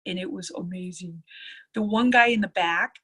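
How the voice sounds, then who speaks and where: A woman nurse telling stories from her work in a casual interview, lively and acting out what others said. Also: fairly low pitch, moderate pace, husky. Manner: lively storyteller, acts out others' lines. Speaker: nurse and EFT tapping practitioner.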